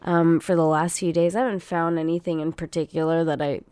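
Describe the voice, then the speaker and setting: A woman's voice: deep voice, flat delivery, a little fast, dark tone, clean tone, no room sound. A young adult woman hosting her own podcast, chatting casually to listeners and swearing freely as she rants. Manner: profane, ranting, talks straight to listeners. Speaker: podcast host. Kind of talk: casual solo podcast chat.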